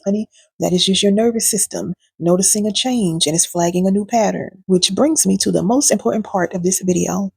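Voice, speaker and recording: Woman coach, husky gravelly voice, dry close sound, sassy preachy teaching. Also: mid-range voice, no echo. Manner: warm preachy coaching with pet names and sass. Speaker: healing coach and video host. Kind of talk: direct-to-camera teaching talk.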